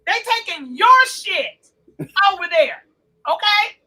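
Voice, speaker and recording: A woman co-hosting a podcast in casual chat, profane and emphatic, rising to loud outbursts. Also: extremely high pitch, sing-song, takes it slowly, rough recording. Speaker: podcast co-host.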